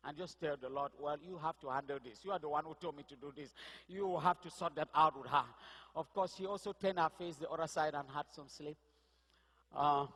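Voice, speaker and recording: A man's voice: fairly high pitch, brisk, a bit bright. A man telling a personal testimony as a sermon, vivid storytelling that builds to impassioned cries. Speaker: pastor. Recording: echoey hall reverb.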